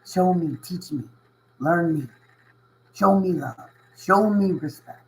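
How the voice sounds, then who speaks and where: Speaking directly to his viewers, a spiritual channel host delivers a casual, earnest, emotional motivational talk, driving points home by repetition, chuckling between lines and frequently asking "you know what I mean." His voice is a bit higher than most and slow. The recording sounds rough.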